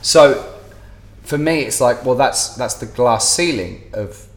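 A man's voice: medium pitch, animated, takes it slowly, echoey room. A man with an English accent, a guest musician in a casual podcast chat, talking animatedly and swearing freely.

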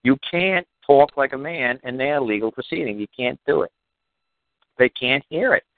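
A man's voice: mid-range voice, expressive, moderate pace, no echo. Blunt, exasperated man on a tinny phone line. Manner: blunt, exasperated, repetitive lecturing with cursing. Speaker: radio talk show guest on legal matters. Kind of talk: call-in radio talk.

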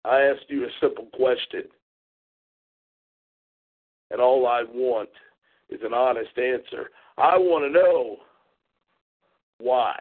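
A man's voice: mid-range voice, little pitch movement, slow pace, pauses often. A man hosting a talk show, ranting in a profane, mocking, confrontational way. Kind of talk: angry call-in show rant. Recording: tinny phone-line audio.

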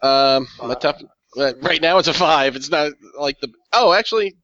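A man's voice: fairly high pitch, moderate pace, sharp tone, no echo. A man playing a tabletop game, boisterous, joking and swearing. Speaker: player. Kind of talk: casual tabletop game chat. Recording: dull dry lo-fi sound.

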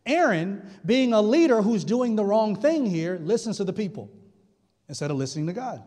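A man's voice: high voice, very animated, normal speed, mellow. A male pastor preaching a sermon, retelling scripture in a casual, humorous way. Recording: long hall reverb.

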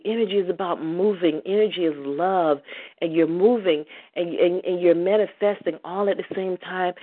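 A woman hosting a spiritual call-in talk show, overwhelmed and near tears, who keeps breaking into laughter. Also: fairly low pitch. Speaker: host. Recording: phone-line call-in audio.

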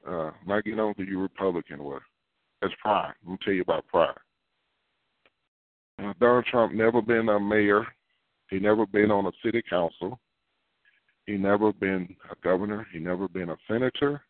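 Man, preacher, conversational sermon, repeats himself, low voice, phone-like sound. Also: normal speed, long pauses, no room sound. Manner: conversational preaching with repeated phrases and folksy asides. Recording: dry, phone-like narrow sound.

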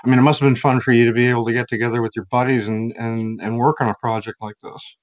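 A man hosting an interview, asking questions in a halting way with repeated words. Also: medium pitch, level tone, highs cut off. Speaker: host.

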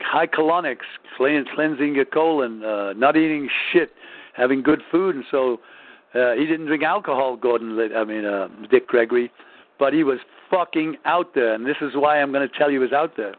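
A man's voice: mid-range voice, moderate pace, no echo. A man rambling through a profane, casual story with lots of swearing and restarts. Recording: tinny phone-like audio.

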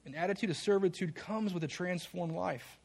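A man's voice: sits high, brisk, creaky, a little mellow. A male pastor preaching a sermon, reading scripture passages aloud and calling on the congregation to answer back. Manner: reads scripture aloud, pushes the congregation to respond.

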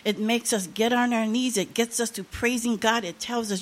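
A woman's voice: fairly high pitch, fairly even intonation, normal speed, few pauses. An older woman preaching a sermon, sharing an emotional testimony with rising, impassioned emphasis.

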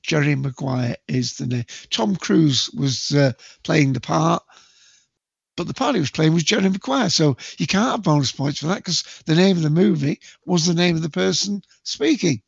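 A man hosting a casual movie quiz, chatty and jokey, with bursts of loud quote acting. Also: on the high side, normal speed, creaky, husky, no room sound. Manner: chatty, jokey, self-mocking, acts out movie quotes loudly. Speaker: quiz host. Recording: dull lo-fi dry home recording.

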